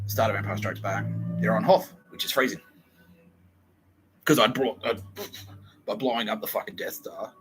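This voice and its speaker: A man's voice: lowish voice, fairly bright tone, rough recording. A man hosting a podcast, telling a rambling, profane comic story with frequent laughs. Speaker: podcast host. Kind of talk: rambling comedic monologue.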